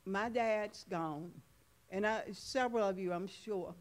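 Slow, earnest woman sharing at church. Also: medium pitch. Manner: earnest, emphatic, repeats key words. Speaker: church member sharing at a service. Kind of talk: spoken devotional reflection.

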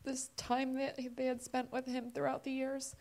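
A woman giving a personal testimony at a church service, emotional and halting, close to tears. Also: sits high, completely flat delivery, vocal fry, a little mellow.

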